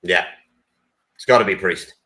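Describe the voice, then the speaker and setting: Man, wrestling podcast co-host, casual enthusiastic chat, lowish, bright and forceful. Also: measured pace. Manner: swears casually.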